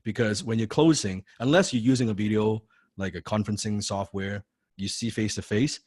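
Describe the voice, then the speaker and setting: A man's voice: lowish voice, a little fast, a little mellow, no room sound, studio quality. A man coaching a sales class who stresses key points, repeats phrases and acts out phone calls. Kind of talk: live sales training class.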